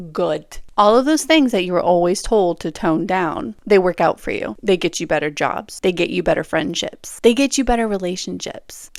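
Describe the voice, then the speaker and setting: Chatty young woman with a gravelly edge. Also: mid-range voice, no room sound, studio quality. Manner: animated, chatty, laughs often, acts out quotes. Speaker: podcast host. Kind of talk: casual solo podcast advice.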